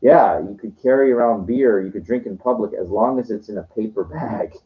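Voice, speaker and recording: A man's voice: lowish voice, brisk. A man telling rambling stories in a casual monologue, swearing now and then. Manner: rambling, profane storytelling. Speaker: vlogger. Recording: dull lo-fi recording.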